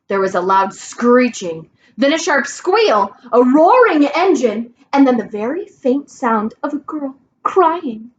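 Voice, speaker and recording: A woman reads a children's storybook aloud in a clear, expressive way. Her voice is high and swings widely. The recording is a little muffled, with faint noise behind her. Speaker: reader.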